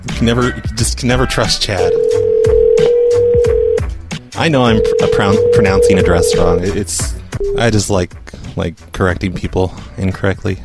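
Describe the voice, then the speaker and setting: A man's voice: sits low, steady tone, moderate pace, loud music behind the voice. A man making prank phone calls and chatting between them, stammering and teasing. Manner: mocking, stammering, playful. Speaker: prank caller. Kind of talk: prank call livestream chat.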